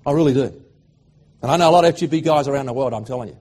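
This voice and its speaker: A middle-aged Australian man preaching a sermon, swinging from loud fervent declarations to hushed, emotional storytelling. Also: mid-range voice, rapid-fire.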